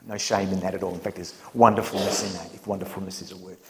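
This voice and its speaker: A man in middle age delivers a sermon at a church camp in a somewhat low voice. He tells stories with big, excited punchlines, dips into hushed asides, and laughs along with his own jokes. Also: fast talker, slight background noise. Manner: animated storyteller, laughs at his own jokes, drops to whispers. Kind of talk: storytelling sermon. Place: church camp meeting hall.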